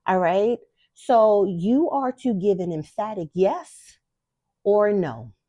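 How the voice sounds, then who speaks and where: A woman's voice: mid-range voice, expressive, takes it slowly, mellow, no echo. Blunt, emphatic woman spiritual host. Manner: blunt, profane, emphatic, addresses viewers as y'all. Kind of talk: casual direct-to-camera talk.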